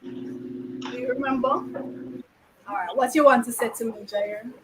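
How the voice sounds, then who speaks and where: A woman's voice: a little high, unhurried, noisy background. A woman teacher, chatting playfully with her pupils in a classroom and teasing them with questions. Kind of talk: casual chat with pupils.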